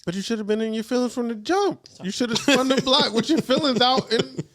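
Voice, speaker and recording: A man co-hosting a podcast in casual chat, animated and playful, often breaking into laughter as he tells stories. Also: very high-pitched, fairly quick, no echo, studio quality.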